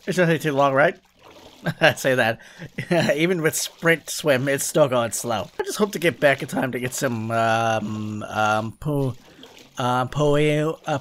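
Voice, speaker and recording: A man giving excitable let's play commentary, swearing and talking to himself as he plays. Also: mid-range voice, a little hiss or hum. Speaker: gaming YouTuber.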